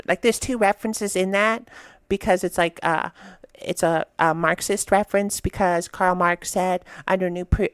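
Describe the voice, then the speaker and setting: Low, smooth-voiced woman, casual and blunt. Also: no room sound. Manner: chatty, reads captions aloud then riffs with blunt profanity. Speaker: host reacting to memes. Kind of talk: casual reaction commentary.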